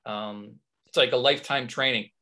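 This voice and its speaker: A man from Canada, an actor and comedian, telling lively anecdotes as a guest in a casual interview. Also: mid-range voice, normal speed.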